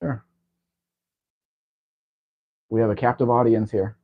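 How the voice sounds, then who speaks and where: A man's voice: medium pitch, fairly even intonation, takes it slowly. A man hosting a casual livestream chat, talking in a rambling, chatty way. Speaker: livestream host. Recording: dull lo-fi stream audio.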